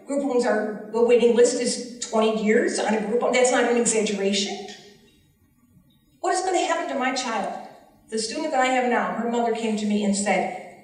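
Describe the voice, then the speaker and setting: A woman teacher testifies before lawmakers with a slightly high voice and an earnest, pleading urgency. She sounds far from the microphone, and her words ring through a large, echoing hearing hall. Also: moderate pace. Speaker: special education teacher. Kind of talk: public testimony at a legislative forum.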